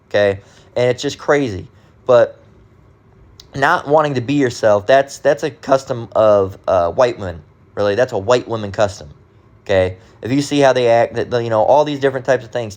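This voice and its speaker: Man, religious rant monologue, emphatic, repetitive, profane, mid-pitched voice. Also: darkish tone. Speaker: commentator.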